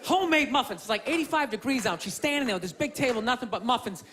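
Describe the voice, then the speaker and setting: High-pitched ranting stand-up comic. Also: male voice, lively intonation, quick pace. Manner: ranting, profane, acts out voices of people. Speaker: stand-up comedian. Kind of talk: stand-up comedy routine. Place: theater stage before a live audience. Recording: stage mic with loud crowd laughter and noise.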